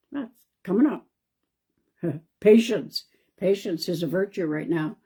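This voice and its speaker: Calm, low, mellow-voiced woman. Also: unhurried, pauses often, breathy edge. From Canada. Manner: calm, reassuring, thinking aloud. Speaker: psychic medium. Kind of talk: live-stream card reading.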